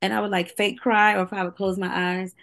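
A middle-aged woman guest in a candid conversation. She talks at an ordinary pitch for a woman, in a chatty, rambling way, with lots of "like" and stops and restarts. She breaks into laughter often. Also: level tone, brisk, gravelly, a bit bright. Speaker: singer and guest. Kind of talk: candid casual chat.

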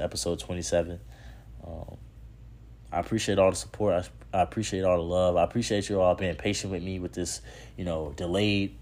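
A podcast host closing his episode in a relaxed casual way, repeating words and often asking "you know what I mean". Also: low voice.

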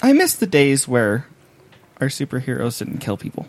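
Woman cohost, quippy and teasing, lively up and down voice. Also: extremely low pitch, normal speed. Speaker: podcast co-host. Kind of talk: casual podcast chat.

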